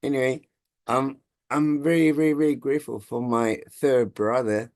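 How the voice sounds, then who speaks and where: A man, telling a family story over a video call in halting, chuckling speech. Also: mid-range voice, steady tone, dry recording, clean studio sound. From Taiwan. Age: 60s. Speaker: congregation member sharing gratitude. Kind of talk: casual storytelling.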